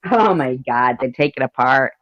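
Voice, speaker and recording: Lively, jokey stream host. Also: mid-range voice, moderate pace, dull audio. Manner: lively, jokey, reads out chat comments. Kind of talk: casual chat.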